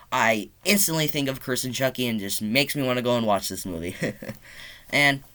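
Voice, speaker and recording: A young man excitedly reviewing a horror movie from his bedroom, rambling, swearing often and filling his talk with "like". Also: mid-range voice. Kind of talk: casual review monologue.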